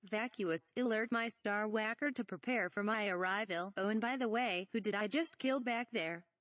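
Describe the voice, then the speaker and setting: A woman voicing a pompous, forgetful male dark lord who fumbles for words, in a parody script reading. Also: mid-range voice, no room sound, close to an everyday voice. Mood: bumbling. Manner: fumbling, halting.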